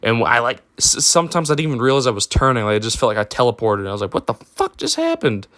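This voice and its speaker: A man's voice: medium pitch, rapid-fire, fairly bright tone, no room sound, clean studio sound. A young man telling a personal story in a casual, rambling way, with lots of fillers and swearing. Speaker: storytime vlogger.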